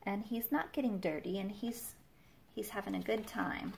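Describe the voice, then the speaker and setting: A woman preschool teacher reading a picture book aloud to children, with gentle chatty asides to her little listeners. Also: mid-range voice, moderate pace, gravelly, slight background noise.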